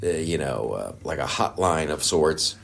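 A man's voice: a bass voice, expressive, a little slow, creaky. A man delivering a heated, profane, sarcastic political rant, rambling with many restarts. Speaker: political commentator. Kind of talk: ranting monologue.

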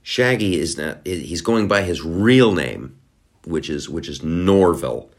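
Speaking in a low voice with lively intonation, a middle-aged podcast host rambles through a casual monologue without hurrying. He's sarcastic and keeps restarting his sentences.

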